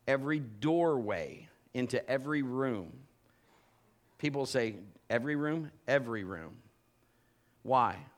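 A male pastor preaching a sermon with an animated delivery that swings from loud bursts to low, intimate tones.

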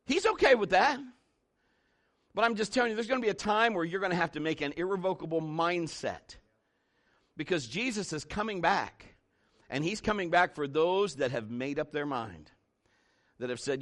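A male pastor preaching a sermon with emphatic, animated storytelling. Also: high voice, moderate pace, pauses often.

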